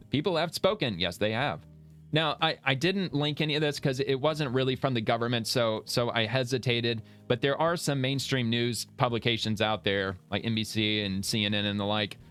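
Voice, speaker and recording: A man's voice: mid-range voice, moderate pace, fairly bright tone, smooth, soft background music. A man hosting casual political reaction commentary, blunt and profane, rambling and laughing as he talks. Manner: rambling with many restarts.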